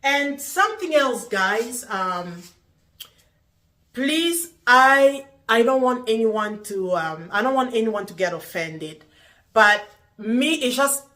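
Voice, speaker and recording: A woman's voice: fairly high pitch, sharp tone. A middle-aged woman talking to camera in a casual vlog, earnest and puzzled, repeating herself as she asks questions. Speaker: vlogger.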